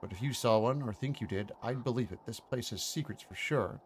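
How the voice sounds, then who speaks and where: A man's voice: medium pitch, fairly quick, slight background noise, close to an everyday voice. A man voicing a loyal, protective older manor servant with a Scottish accent, using dialect words and old-fashioned grammar. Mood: earnest.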